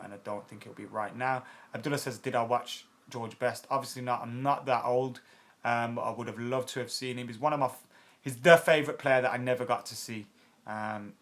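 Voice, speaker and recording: Viewer comments get casual, blunt answers from this late-twenties man who runs a football fan channel. His voice is medium in pitch and fairly bright, and he uses lots of fillers plus a bit of swearing.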